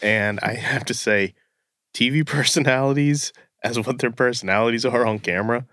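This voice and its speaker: A man's voice: mid-range voice, moderate pace, a bit bright, no room sound, studio quality. A man guesting on a podcast in casual chat, speaking in a wry, offhand way.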